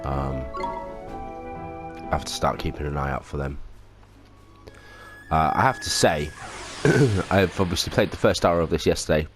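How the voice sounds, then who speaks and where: A man's voice: very deep voice, fairly even intonation, moderate pace, long pauses. A man hosting a casual let's play at home, rambling and self-mocking with lots of ums. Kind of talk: casual gameplay commentary. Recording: game music underneath.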